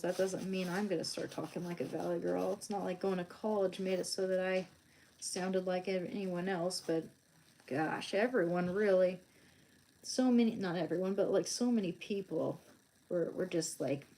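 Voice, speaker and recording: A woman's voice: on the low side, dark tone, a little hiss or hum. Rambling young woman live-streaming while drawing. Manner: rambling, many fillers and restarts. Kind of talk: casual live-stream chat.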